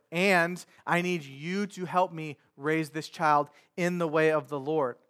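Male pastor, higher voice, casual conversational sermon delivery. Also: a bit bright, clear, resonant tone. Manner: conversational preaching with paraphrased quotes.

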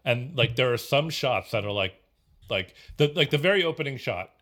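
A man's voice: medium pitch, lively intonation, moderate pace, fairly bright tone. Guy rambling casually about an old film, lots of likes and ums. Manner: rambling, full of fillers and restarts. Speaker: podcast co-host.

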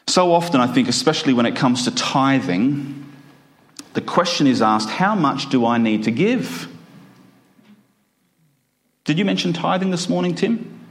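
A man preaching a sermon in a church, emphatic and stretching out his phrases slowly. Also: on the high side, expressive. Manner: emphatic, with slow drawn-out phrases.

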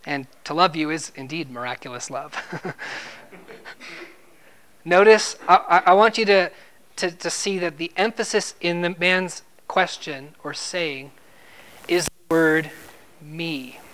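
A man's voice: on the high side, slow pace, pauses often, bright, forceful tone. A man preaching an expository sermon in a conversational way, asking his listeners questions and repeating words when he stresses a point.

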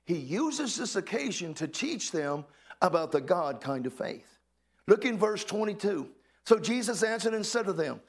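Man, pastor preaching, high voice, gravelly, animated, calls out to the congregation. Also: a little slow. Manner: preaching with rising exclamations and questions to the congregation. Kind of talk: sermon. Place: church hall with a congregation.

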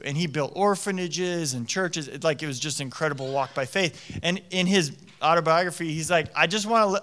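A man in his thirties preaching a conversational sermon, telling stories in a lively, casual way with lots of "like" fillers. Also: a little high. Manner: animated storytelling with frequent "like" fillers.

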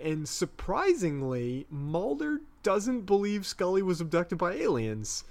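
A man's voice: a little high, sing-song, unhurried, few pauses, a little mellow. A young man co-hosting a podcast, recapping an episode in a rambling, unsure way with many fillers. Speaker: podcast co-host.

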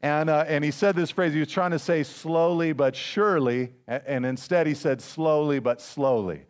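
Higher-voiced pastor preaching conversationally. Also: male voice, moderate pace. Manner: conversational preaching with personal stories and repeated phrases. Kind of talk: sermon.

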